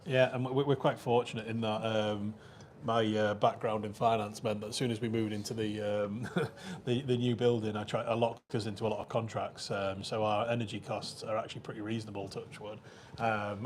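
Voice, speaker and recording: A man's voice: lowish voice, darkish tone, slight background noise. A man co-hosting a live brewery stream, talking casually with many fillers and restarts. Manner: hesitant, lots of fillers and restarts. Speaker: brewery co-host. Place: brewery taproom.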